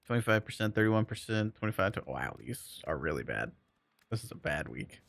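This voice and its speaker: A man's voice: lowish voice, sing-song, brisk, creaky, a bit bright. A man streaming a game, chatting casually with viewers in a laid-back, joking way and chuckling often. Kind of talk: casual chat while playing and reading chat.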